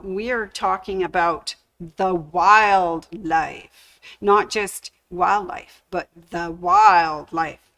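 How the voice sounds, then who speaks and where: A woman's voice: mid-range voice, bright, forceful tone, rough recording. A woman hosting a casual fabric store livestream, chatty and full of corny jokes. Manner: chatty, cracks corny puns. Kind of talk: casual livestream product showcase.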